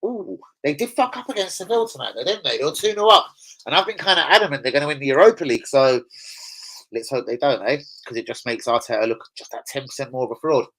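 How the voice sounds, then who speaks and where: A man's voice: medium pitch, lively intonation, fast talker, a bit bright, low-quality recording. A young man, casually chatting and swearing as he hosts a live stream and answers viewers. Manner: swearing, chatty, laughs often, answers chat.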